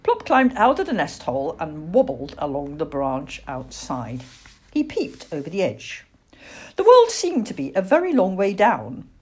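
A woman reads a children's storybook aloud, gentle and expressive. Her voice sits low and breathy, and her pitch moves very widely from line to line. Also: a little slow.

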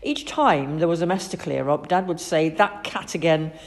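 A woman reading a children's story aloud in an expressive, animated way. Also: lowish voice, normal speed, vocal fry.

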